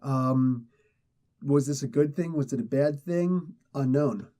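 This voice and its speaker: A man's voice: medium pitch, slow pace, dark tone. A man casually reviewing a comic book, rambling and correcting himself as he gives his opinions. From not British.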